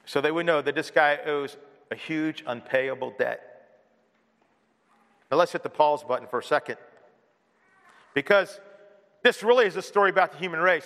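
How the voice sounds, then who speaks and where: A man's voice: high-pitched, bright, forceful tone. A man preaching a sermon as pastor, earnest, with many rhetorical questions. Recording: long hall reverb.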